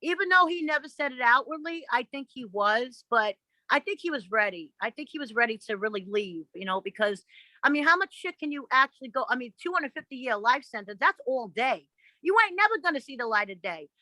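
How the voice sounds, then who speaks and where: A woman gives a podcast interview, her high voice crisp and bright. She tells her stories bluntly and with plenty of swearing, slipping into the voices of the people she quotes. The recording is dry and close. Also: fairly quick, no room sound, poor audio. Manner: blunt, profane and animated, acting out the voices of others in her stories. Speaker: interview guest. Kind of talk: casual interview storytelling.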